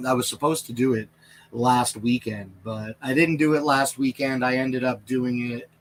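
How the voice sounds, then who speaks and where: A man's voice: medium pitch, normal speed, a bit bright, a little hiss or hum. A man with a Canadian accent hosting a casual live stream from inside a small camper trailer, chatting in a rambling way and answering viewers' questions. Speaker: livestream product reviewer.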